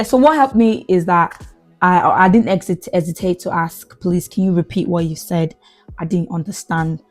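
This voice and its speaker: A young Nigerian woman hosting a podcast, chatting casually with lively exclamations and frequent laughs. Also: medium pitch. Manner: animated, exclamatory, laughs often. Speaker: podcast host. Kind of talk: casual storytelling chat.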